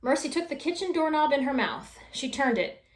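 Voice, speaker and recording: A woman reading a children's storybook aloud with expressive, animated storytelling. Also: high voice, normal speed. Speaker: storytime reader. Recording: echoey room.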